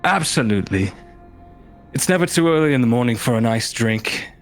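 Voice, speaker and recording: A man's voice: mid-range voice, animated, fairly quick, soft background music, lightly acted. A man doing a swaggering pirate rogue. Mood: smooth. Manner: hearty, swaggering sea-dog talk. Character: bold smooth-talking male pirate rogue.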